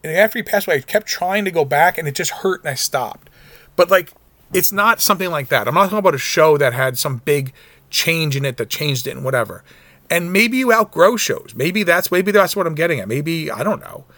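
A man's voice: a little high, lively intonation, fairly quick, a bit bright, no echo. A middle-aged man hosting a solo podcast in a casual, rambling way, often restarting his sentences and growing emotional at times. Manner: rambling, self-interrupting, conversational. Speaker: podcast host.

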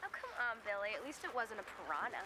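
A woman's voice: medium pitch, very animated, fast talker, heavy background noise, lightly acted. A young actress playing a bubbly, teasing teenage girl in a 1990s TV series. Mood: cheerful. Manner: chirpy and teasing. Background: music.

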